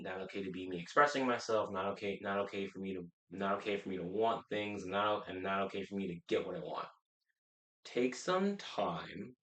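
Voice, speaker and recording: A low-voiced man coaching his viewers in a blunt, profane way. He talks emphatically, restarts his sentences and repeats points for weight. The room around him is echoey. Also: a bit bright. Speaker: life coach. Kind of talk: casual motivational talk to camera.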